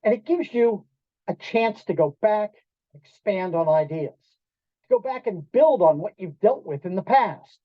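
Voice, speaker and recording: A man giving a storytelling talk to an audience in a restaurant event room, animated, acting out quoted voices and quizzing the listeners. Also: high voice, measured pace, dry recording. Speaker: keynote speaker. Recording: dull lo-fi dry sound.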